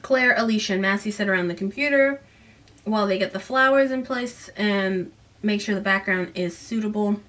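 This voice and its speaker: A woman's voice: medium pitch, moderate pace, a bit bright. Casual female book reviewer, chatty and rambling, recorded slightly distant from the mic. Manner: rambling, self-correcting, giggly asides. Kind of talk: casual book recap with read-aloud passages.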